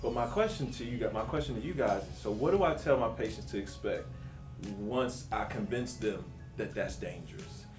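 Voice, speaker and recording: A man who works in dermatology, talking casually on a panel and telling lively stories about patients. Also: normal speed. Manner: animated storyteller, acts out quotes with rising pitch. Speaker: physician assistant at a dermatology practice. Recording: roomy sound from a distant mic, faint music.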